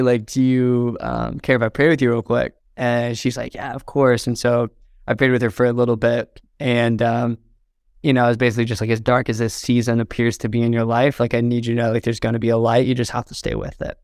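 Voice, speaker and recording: Young guy from indiana telling a story, gravelly but smooth, dry close sound. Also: medium pitch, darkish tone, dry recording. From southern Indiana, US. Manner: earnest, fills with "like" and "um", gets choked up. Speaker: interview guest, videographer. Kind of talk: heartfelt storytelling in a podcast interview.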